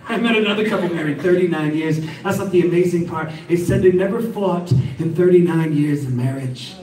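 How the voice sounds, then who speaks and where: A man doing a stand-up comedy set, working the crowd with an animated delivery at a live show. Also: high voice, brisk, far from the mic. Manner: animated, crowd work with audience. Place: live venue with audience. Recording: live show, roomy with loud audience. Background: crowd laughter and noise.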